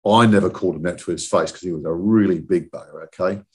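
A man's voice: sits low, fast talker, a little mellow. A man in his sixties, a podcast guest telling long, rambling stories about his working life and often checking in with "okay?". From southern England. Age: 60s. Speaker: guest, industry chief executive. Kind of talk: casual podcast chat.

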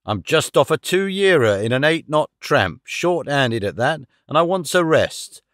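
A man reading an audiobook voices a sly, cringing old sailor with rough, common speech. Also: fairly high pitch, very animated, unhurried, a bit bright, no echo, clean studio sound.

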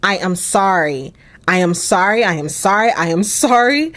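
A woman's voice: mid-range voice, expressive, brisk, close to an everyday voice. A woman voicing a remorseful young husband who apologizes over and over in a game. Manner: pleading, repetitive apologies.

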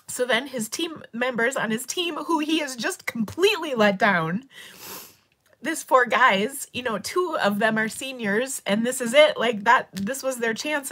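A middle-aged woman hosting a casual livestream, emotionally retelling a story and tearing up as she talks. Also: fairly high pitch. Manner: emotional, tearful retelling with rising excitement. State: crying. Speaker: craft channel host.

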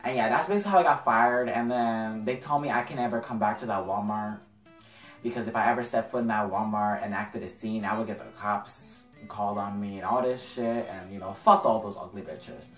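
A man's voice: on the low side, fairly quick, reverberant, recorded from a distance, soft background music. A young man telling a storytime vlog in a sassy, profane, dramatic way. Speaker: vlogger.

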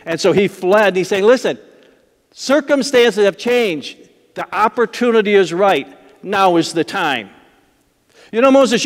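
A man preaching a sermon as a pastor, telling stories in a conversational way and acting out the voices of the people in them. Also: on the high side. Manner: conversational storytelling with acted-out voices and laughs. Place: church sanctuary. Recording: long hall reverb.

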